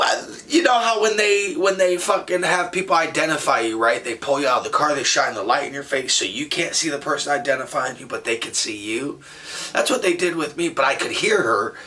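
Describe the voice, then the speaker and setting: Profane, rambling storyteller guy with a bright voice. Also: on the high side, recorded from a distance. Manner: profane, slangy, rambling with many fillers. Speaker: storyteller vlogger. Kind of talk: casual storytime monologue.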